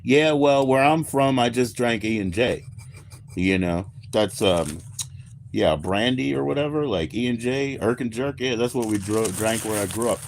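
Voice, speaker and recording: This livestream host, an American man from the United States, talks loosely with his viewers, wandering from topic to topic and cursing without restraint. His mid-range voice moves at an ordinary speed over a faint hiss or hum.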